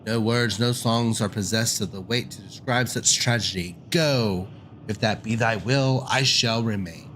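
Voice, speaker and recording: A man's voice: lowish voice, a little slow, fairly bright tone, a little hiss or hum. A man voicing an ancient, brooding, fatalistic dragon, reading game dialogue aloud in solemn, archaic speech.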